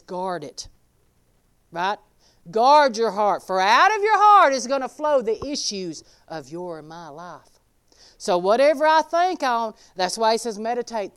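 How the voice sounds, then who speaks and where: A woman preaching a sermon in a folksy, emphatic way, swinging between loud exclaiming and quiet asides. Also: fairly high pitch, clear, resonant tone.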